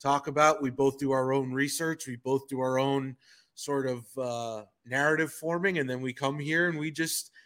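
Bright-voiced man co-hosting a chatty podcast. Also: medium pitch, steady tone, moderate pace. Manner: chatty, joking, self-deprecating. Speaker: podcast co-host. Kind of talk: casual podcast chat.

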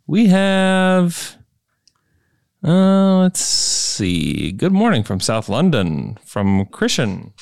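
A man's voice: fairly high pitch, huge pitch swings, drawn-out words, vocal fry, a little mellow, no echo, studio quality. A man hosting a podcast, chatting casually and reading out viewers' names from the live stream. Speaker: podcast host. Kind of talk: casual chat, reading stream shout-outs.

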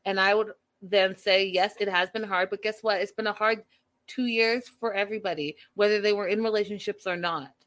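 A woman's voice: medium pitch, steady tone, brisk, fairly bright tone. A woman hosting a reaction show in casual commentary, speaking emphatically and with exasperation, repeating her points.

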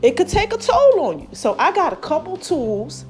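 A woman talks straight to her listeners in a folksy, affectionate podcast chat, calling them baby and y'all. Her voice sits high yet sounds warm and mellow. She is a little out of breath, with a swollen throat, and faint music plays underneath. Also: very animated, normal speed. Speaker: podcast host. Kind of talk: casual motivational chat.

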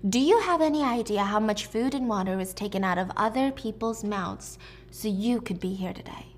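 Woman putting on a hushed, icy villainess. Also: mid-range voice, moderate pace, close to an everyday voice. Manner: soft, hushed and condescending. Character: cold, scheming middle-aged female politician.

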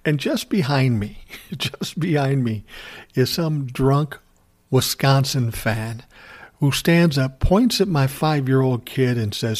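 A man's voice: mid-range voice, animated, slow pace. Middle-aged man from Minnesota, casual profane ranter, laughs between lines. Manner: profane, blunt storytelling with chuckles. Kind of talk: casual ranting monologue.

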